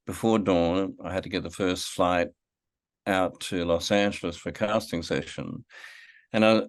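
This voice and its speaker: Deep-voiced man telling a story. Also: dry recording. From Australia. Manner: reflective, with frequent fillers and restarts. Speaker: filmmaker guest. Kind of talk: storytelling in a podcast interview.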